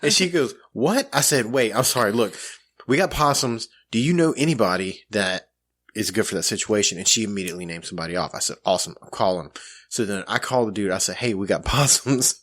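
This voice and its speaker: A man co-hosting a casual podcast, his voice a touch low and swinging widely up and down as he tells a story against himself. He talks loosely, full of "you know what I mean" and restarts. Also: fast. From grew up in the country. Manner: animated, self-mocking, lots of fillers. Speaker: podcast co-host.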